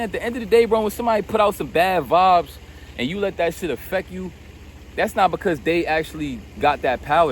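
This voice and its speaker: A man delivers an unscripted motivational rant, blunt and full of profanity, calling the listener bro again and again. His voice sits fairly high for a man. A faint vehicle hum runs underneath. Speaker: self-help video host.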